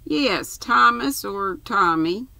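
A woman's voice: mid-range voice, animated, slow, vocal fry, sharp tone, dry recording, pitched above the performer's own voice, full character voice. An older woman reading aloud and voicing a mild, patient middle-aged husband visiting an elderly aunt.

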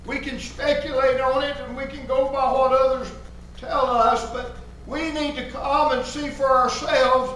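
A man preaches a fervent sermon in a very high, bright voice, repeating his key phrases for emphasis. He sounds far from the microphone, and his voice echoes heavily around the church sanctuary. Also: little pitch movement, measured pace, slight background noise. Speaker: pastor.

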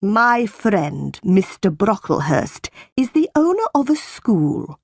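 A woman's voice: medium pitch, big pitch swings, takes it slowly, creaky, slightly rough, no room sound, studio quality, full character voice. A woman voicing a cold, harsh aunt who scolds a young girl.

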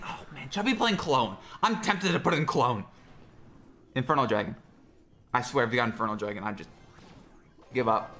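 Brief: young male gaming creator, lively swooping delivery, bright forward tone, faint music underneath. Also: on the high side. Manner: excitable, jokey, talks to himself. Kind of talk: live gameplay commentary.

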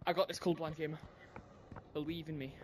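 A man with a Welsh accent that slips toward English, chatting excitedly with his squad during an online shooter match. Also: fairly high pitch, fast talker. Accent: Welsh, shifting toward English. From Wales. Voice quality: excitable, yelps and jokes mid-game. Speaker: gamer in a voice-chat squad. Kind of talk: casual gaming chat. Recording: noisy mic with clicks.

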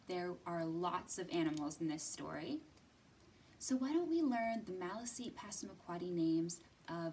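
A young woman leading a children's library storytime, gently coaxing little listeners with sing-song questions and sometimes dropping to a whisper. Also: fairly low pitch, expressive, normal speed, distant mic, slight background noise. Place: library room.

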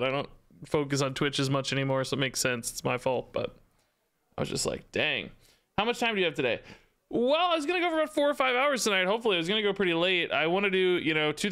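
A Twitch streamer plays a card game while chatting casually, thanking subscribers and thinking out loud about his deck. His voice is on the high side, bright and forceful, with a clean tone.

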